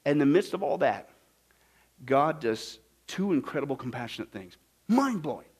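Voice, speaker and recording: A man from Kansas preaching a sermon, animated, swinging between loud bursts and hushed asides and acting out the people he quotes. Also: medium pitch, moderate pace, slightly rough. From Kansas, USA. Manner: acts out quoted voices.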